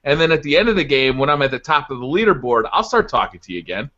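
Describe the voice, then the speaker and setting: A man's voice: medium pitch, very animated, quick pace, bright, forceful tone. Laid-back man, muffled lo-fi audio. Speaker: podcast co-host. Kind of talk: casual chat.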